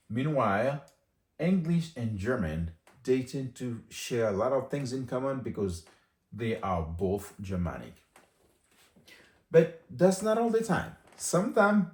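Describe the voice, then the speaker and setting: A man giving a casual language lesson, chatty, saying phrases again slowly for learners. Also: lowish voice, a little mellow, reverberant. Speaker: language teacher.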